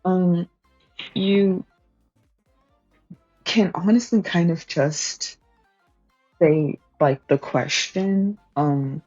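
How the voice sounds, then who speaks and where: A woman's voice: lowish voice, drawn-out words, pauses often, a little mellow, no echo. A woman streamer casually explaining language points to her chat, chatty, with lots of fillers, laughs and swearing. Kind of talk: casual study-stream teaching. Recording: slightly dull, dry home stream mic with faint music.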